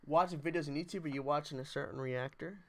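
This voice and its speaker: A man's voice: fairly high pitch, quick pace. A young man hosting a livestream, chatting casually and reading viewer comments aloud in a jokey way. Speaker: livestream host.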